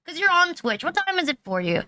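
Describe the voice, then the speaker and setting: A woman VTuber chats loosely with her live audience, her voice high and bright. She rambles through crude, mocking jokes, leaning on "like" at every turn. The sound is close and dry, with no room around it. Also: big pitch swings, a little fast, no echo. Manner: rambling and crude, heavy filler "like"; mocking, teasing banter with chat. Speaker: VTuber streamer. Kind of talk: casual livestream chat.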